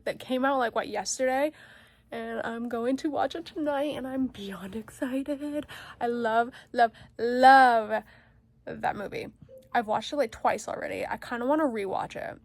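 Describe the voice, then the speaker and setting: Woman, book vlogger, bubbly and excitable, slightly high voice, casual chat. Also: dry recording. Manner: gushing, excitable, repeats words for emphasis; sounds out fantasy names slowly, stumbling and laughing.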